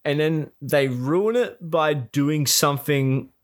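A man in casual chat, retelling a series with lively put-on quotes and frequent swearing. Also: on the high side, slow. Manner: animated, acts out characters' lines, swears freely.

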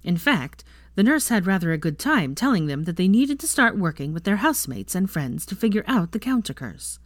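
A woman reading fan fiction aloud with an expressive reading voice. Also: fairly low pitch, fairly quick, no room sound, clean studio sound.

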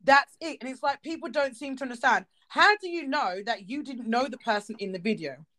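A woman's voice: high-pitched, lively intonation, brisk, a bit bright. Blunt British woman in casual chat. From United Kingdom. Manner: blunt, emphatic, sassy.

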